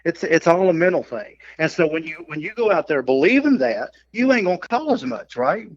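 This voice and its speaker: A man's voice: on the high side, a little fast, no echo. A middle-aged man, a turkey hunting instructor, telling a story in a casual podcast chat and acting out the quotes and turkey calls. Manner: lively yarn-spinner who acts out quotes and turkey calls. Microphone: podcast microphone. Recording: dull, dry lo-fi podcast audio.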